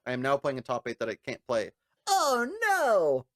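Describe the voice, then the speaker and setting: A man's voice: quick pace, no room sound, clean studio sound. A man telling a long story in casual chat, swearing, laughing and mimicking others. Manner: animated, profane, laughing, mimics people in high voices. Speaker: podcast co-host.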